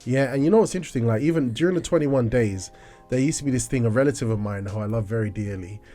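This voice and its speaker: A man hosting a Christian breakfast show, telling stories in an animated way and acting out the characters' voices. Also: medium pitch, fast talker, faint music behind. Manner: animated storyteller who acts out voices. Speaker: host.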